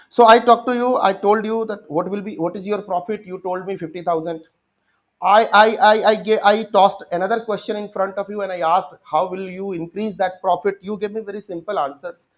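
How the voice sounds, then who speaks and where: A young man with an Indian English accent, giving an exam-prep lecture and acting out students' answers as he speaks to them directly. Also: high voice. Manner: addresses students directly, acts out their answers.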